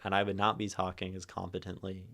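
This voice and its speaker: A man with a low-pitched voice talks through a poem on a livestream into a streaming mic. He's reflective and explanatory, stressing different words in turn and tagging thoughts with "right?" to keep chat with him. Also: completely flat delivery, quick pace, gravelly, sharp tone. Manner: thoughtful, tags phrases with "right?"; plays with stress, rereading lines different ways. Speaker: streamer hosting a poetry reading. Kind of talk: livestream poetry analysis to chat. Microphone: streaming mic and camera.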